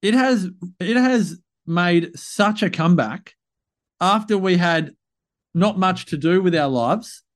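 A man's voice: high-pitched, slow. A man hosting a podcast in a chatty, upbeat, loose way. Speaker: podcast host. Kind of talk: casual podcast chat.

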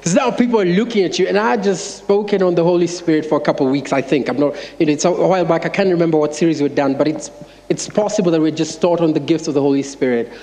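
A man, an associate pastor, preaching by telling an animated, self-mocking story to his congregation. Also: fairly high pitch, fast talker. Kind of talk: sermon storytelling. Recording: long church-hall reverb.

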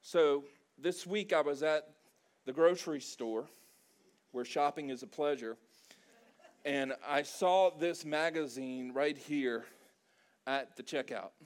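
A middle-aged pastor from South Louisiana, preaching with animated, emotional energy and a touch of humor. His voice sits a bit higher than most men's. He tells his stories with lots of feeling. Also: slow, long pauses. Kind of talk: sermon.

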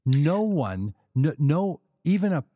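A man's voice: on the high side, sing-song, slow pace, dark tone, no echo. A man co-hosting a political podcast, arguing his point in casual conversation and acting out quoted people in mock voices. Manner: argumentative, acts out quoted speakers in mock voices. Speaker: podcast co-host.

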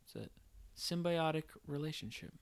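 A man's voice: a little high, moderate pace, creaky, smooth, no echo. A man co-hosting a casual movie chat, rambling and playful, with lots of fillers. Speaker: podcast co-host.

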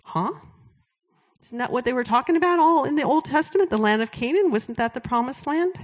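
A woman giving a sermon-style testimony, telling a story in a conversational way and dropping to a hushed whisper for quoted words. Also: high-pitched, animated, quick pace. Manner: storytelling, drops to a hushed whisper when quoting God. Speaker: speaker at a Christian event.

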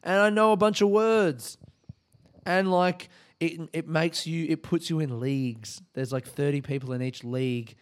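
A man's voice: fairly high pitch, measured pace. A man chatting casually on his own podcast, swearing freely and poking fun at himself. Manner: chatty, swears a lot, self-mocking. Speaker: podcast host. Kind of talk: casual solo podcast chat.

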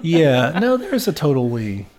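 A man's voice: fairly high pitch, huge pitch swings, a little slow, a little mellow. A man co-hosting a podcast in casual chat, easygoing and hedging his points with fillers. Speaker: podcast co-host.

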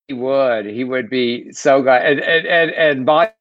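A man co-hosting a live internet chat, often laughing and restarting his sentences. He speaks at a middle pitch. The audio is dry and dull, like a lo-fi stream. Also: no room sound. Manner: warm, laughing, halting speech. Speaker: co-host.

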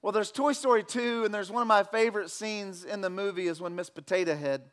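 A pastor preaching a sermon, swinging between loud fervent declarations and relaxed, joking talk with the congregation. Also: male voice, high voice, brisk. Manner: preaching with loud emphatic shouts, then conversational with jokes.

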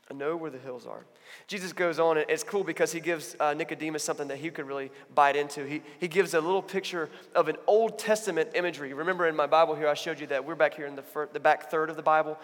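A man giving a sermon as a pastor, talking in a conversational, animated storytelling way. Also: fairly high pitch, long reverb tail. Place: church.

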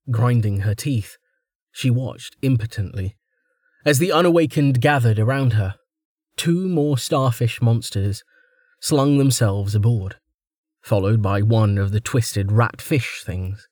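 A man's voice: mid-range voice, slow pace, a little mellow, no echo. A man narrating a fantasy audiobook with dramatic storytelling, close to the mic. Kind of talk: scripted narration.

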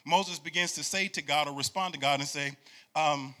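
A man in his forties delivering a loose, conversational sermon with a high, bright voice. He repeats words as he builds, swings into sing-song preaching cadences and calls on the congregation to answer back. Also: normal speed. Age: 40s. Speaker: pastor.

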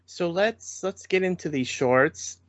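A fairly high-voiced man in a casual podcast chat, animated and quick to laugh. The sound is dull and lo-fi, with a dry, close feel and no room around him. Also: no room sound. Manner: animated, laughs often, restarts a lot. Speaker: podcast co-host. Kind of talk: casual chat recapping shorts.

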